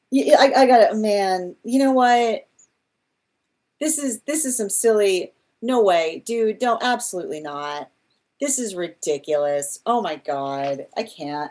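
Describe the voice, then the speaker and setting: A woman's voice: on the high side, a little mellow. Rambling, exasperated woman reading tarot. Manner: rambling, many restarts, exasperated asides; laughs often while mocking. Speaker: tarot reader.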